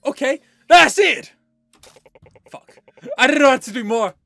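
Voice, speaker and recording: High-pitched gravelly gamer guy. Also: lively intonation, measured pace, pushed and bright, no echo. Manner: swears and laughs often, jokey asides. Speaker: let's play gamer. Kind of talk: reading game dialogue aloud with voices.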